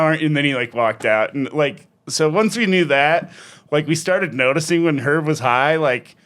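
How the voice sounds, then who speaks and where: Animated, swearing male podcast host. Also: fairly high pitch, normal speed. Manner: animated storyteller, acts out quotes loudly, swears a lot. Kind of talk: casual chat.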